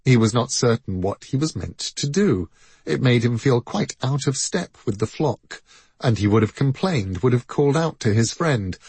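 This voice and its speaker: A man reading a story aloud in measured, expressive scripted narration. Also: medium pitch, slightly rough, no room sound. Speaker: audiobook narrator.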